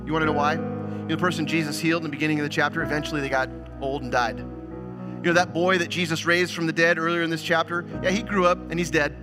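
A man preaching a sermon as pastor, swinging between loud exclamations and soft, hushed lines. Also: on the high side, fairly even intonation, fast talker, music in the background. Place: church sanctuary.

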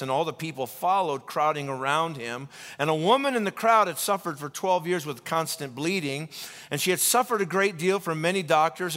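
Energetic male preacher in a reverberant hall. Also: a little high. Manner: energetic storytelling, many restarts and repetitions. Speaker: pastor. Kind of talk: sermon. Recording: long reverb of a large hall.

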